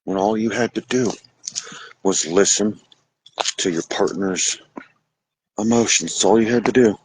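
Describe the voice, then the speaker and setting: A man hosting a podcast, lecturing about relationships in a blunt, casual way with some swearing, switching between fast bursts and slow, drawn-out emphasis. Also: lowish voice, husky, no room sound, low-quality recording. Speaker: podcast host. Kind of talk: relationship advice monologue.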